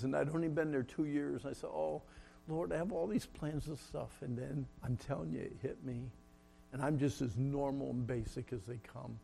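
A middle-aged man preaching a sermon, telling a personal story with shifts between loud, laughing moments and hushed, solemn ones. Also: medium pitch, steady tone, normal speed, gravelly, slight background noise.

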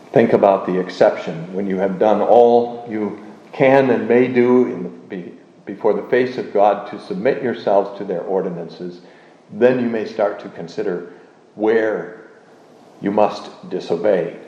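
Man teaching doctrine in a roomy hall. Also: fairly low pitch. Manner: measured, deliberate, with frequent uh fillers. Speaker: teacher of a confession. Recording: roomy, dull lo-fi recording.

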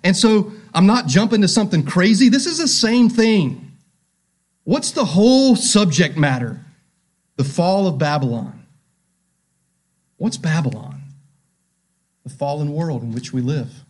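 Brief: male pastor, sermon delivery, somewhat high-pitched, emphatic, rises loud then drops to a hush. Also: animated, measured pace, long pauses. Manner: emphatic, swings between loud and hushed; addresses listeners directly with questions. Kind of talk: sermon with scripture reading.

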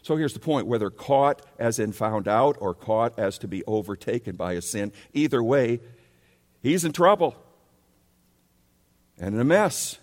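A man's voice: medium pitch, expressive, unhurried, darkish tone. A male pastor preaching a sermon, emphatic, and he keeps rising into pleading questions. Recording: long hall reverb.

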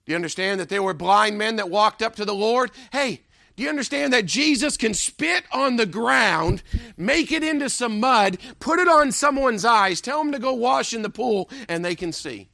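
A man preaching a sermon, emphatic and rhetorical, repeating a refrain question and dropping low and soft on key lines. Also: expressive, moderate pace, gravelly, no echo, clean studio sound.

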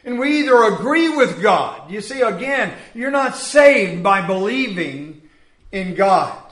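A man preaching a sermon, acting out the voices of biblical figures and swinging from loud to hushed. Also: high voice, sing-song, takes it slowly. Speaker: pastor. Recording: echoey room.

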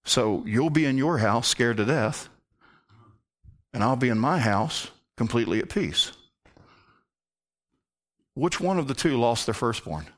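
A man preaching a sermon earnestly, dropping to a hushed voice for emphasis. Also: medium pitch, lively intonation, a little slow, long pauses. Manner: earnest, drops to a hushed near-whisper for emphasis.

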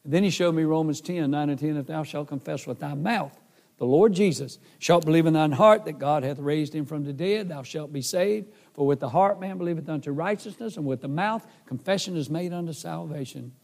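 A man's voice: fairly high pitch, brisk, gravelly, a little mellow. A man preaching a sermon, earnestly telling his own testimony and acting out the dialogue. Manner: earnest, emotional, acts out dialogue. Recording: hall reverb.

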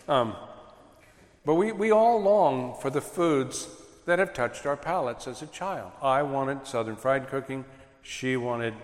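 Man preaching in an echoey hall. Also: mid-range voice. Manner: earnest, animated preaching with acted quotes. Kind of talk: sermon on raising children. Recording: echoey hall with long reverb.

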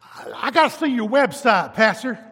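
A man's voice: very high voice, expressive, moderate pace, fairly bright tone, breathy edge, pitched above the performer's own voice, heavily acted. A preacher putting on a chummy Southern church-growth man. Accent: Southern US, put on. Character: fast-talking Southern male church growth expert. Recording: long reverb of a hall.

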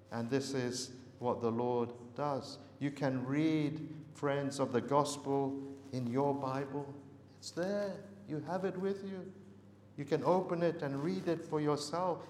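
A man preaching a sermon earnestly, repeating words for emphasis and pausing on fillers. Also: fairly high pitch, a little mellow, a little hiss or hum. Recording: echoey hall with long reverb.

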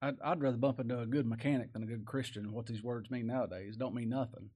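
A man's voice: medium pitch, fairly even intonation, fast, warm tone, breathy edge. A man preaching a sermon in a folksy, conversational way, often asking rhetorical questions.

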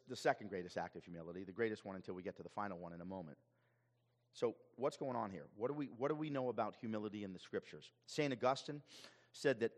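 A male pastor preaching a sermon in an animated way, often repeating words as he goes. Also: fairly low pitch, long reverb tail.

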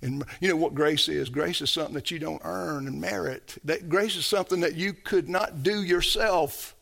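A man preaching a sermon, moving from loud emphatic phrases to soft, low asides and calling out to the congregation for responses. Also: normal speed, gravelly.

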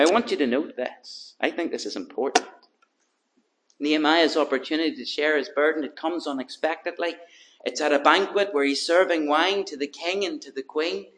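A man preaching an evening sermon, swinging between loud urgency and hushed earnestness, with emphatic repetition. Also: fairly high pitch, a little hiss or hum, poor audio.

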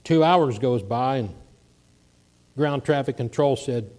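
A man preaching, telling a story in an animated way and acting out the voices of the people in it. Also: mid-range voice, takes it slowly. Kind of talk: sermon storytelling.

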